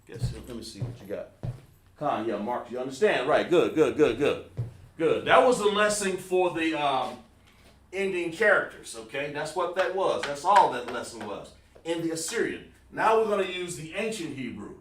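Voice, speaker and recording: A man's voice: on the high side, animated, normal speed, a little hiss or hum. A man teaching a casual, informal live-streamed language lesson at a board and calling on viewers by name. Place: room with a writing board. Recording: roomy sound, mic far from the speaker.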